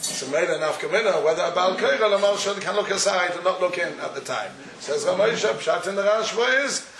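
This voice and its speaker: A man lectures on a Talmudic topic in a questioning, back-and-forth cadence. His voice sits somewhat high. He is heard from a distance in a roomy, echoing space. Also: a bit bright, slight background noise. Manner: questioning, argumentative study-hall cadence. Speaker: Torah teacher. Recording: echoey room, far from the mic.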